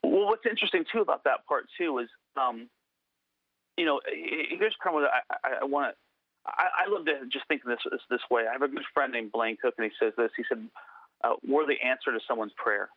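A man's voice: medium pitch, fairly quick, dry recording. Man telling a story down a tinny phone line. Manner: earnest, many restarts and fillers. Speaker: guest. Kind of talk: storytelling interview.

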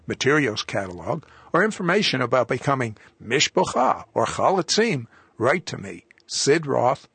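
An older man hosting a radio interview and reading out offers and contact details briskly. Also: gravelly, a bit bright, breathy edge, dry recording. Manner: brisk, pitch-reading announcer. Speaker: host.

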